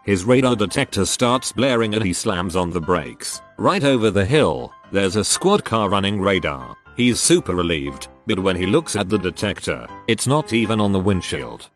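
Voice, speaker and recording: A man narrating a string of short eerie stories in an even, steady reading voice. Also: on the low side. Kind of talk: reading online stories aloud.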